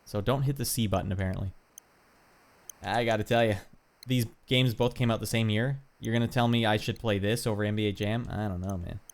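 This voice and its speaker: A man's voice: lowish voice, steady tone, brisk. A man playing an old basketball video game on stream, commenting casually and grumbling at the controls with wisecracks. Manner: exasperated, wisecracking, swears lightly.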